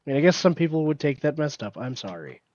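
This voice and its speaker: A man's voice: a little high, very animated, fast, darkish tone, no echo. A man from Illinois teasing and joking through a casual gaming chat, on a dull lo-fi mic. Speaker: co-host gamer.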